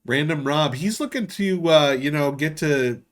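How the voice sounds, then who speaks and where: A man co-hosting a gaming podcast, chatting in an easygoing way that trails off softly at phrase ends. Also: on the high side, measured pace. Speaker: podcast co-host. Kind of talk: casual chat.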